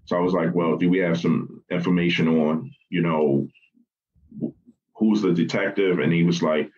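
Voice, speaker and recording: A man recounting the morning he learned of his brother's death, speaking haltingly with many fillers and restarts as he quotes what others said. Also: sits low, flat delivery, a little mellow, muffled recording, slight background noise. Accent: Baltimore. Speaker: guest recounting family loss. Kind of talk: personal storytelling in a podcast interview.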